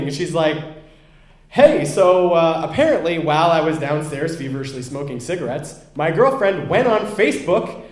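A man's voice: fairly high pitch, big pitch swings, moderate pace, roomy sound. A young man candidly telling a self-deprecating personal story, acting out what people said.

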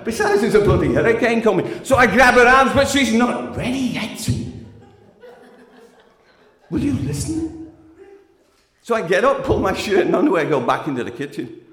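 A man's voice: high voice, very animated, normal speed, pauses often, a bit bright. A man performing a frank spoken-word story with a wry, emotionally swinging delivery. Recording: echoey hall.

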